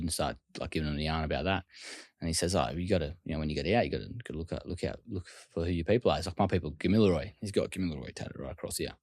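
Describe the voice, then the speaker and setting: An Australian man, a guest telling stories casually and acting out other people's lines in quick quoted voices. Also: sits low, darkish tone, no room sound, clean studio sound. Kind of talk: casual storytelling.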